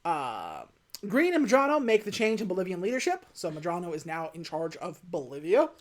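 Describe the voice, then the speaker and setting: A woman's voice: lowish voice, a little fast. A woman co-hosting a podcast, casually recapping a film and acting out its lines, laughing often. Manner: animated, acts out lines in character, laughs often. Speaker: podcast co-host.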